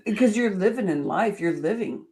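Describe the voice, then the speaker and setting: A woman's voice: medium pitch, expressive, moderate pace. Effusive woman podcast host. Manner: warm, effusive, encouraging. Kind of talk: interview chat.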